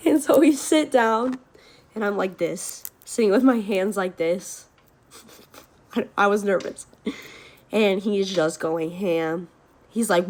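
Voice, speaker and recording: A young woman rattles through a story time, cursing freely and throwing herself into the quoted shouts. Her voice sits at an ordinary middle pitch. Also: measured pace, long pauses. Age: young adult. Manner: animated, swears a lot, acts out shouts.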